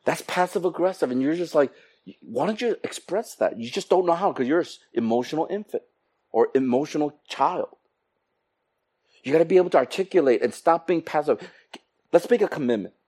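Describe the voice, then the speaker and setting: A man preaching a sermon to his congregation, animated, acting out quoted exchanges with comic voices. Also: on the high side, brisk. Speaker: pastor.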